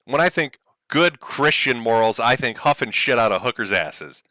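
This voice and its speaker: A man's voice: mid-range voice, expressive, moderate pace, pushed and bright, no echo. A man hosting a livestream, talking to his chat with sarcastic, mocking commentary and frequent laughs. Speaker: streamer host.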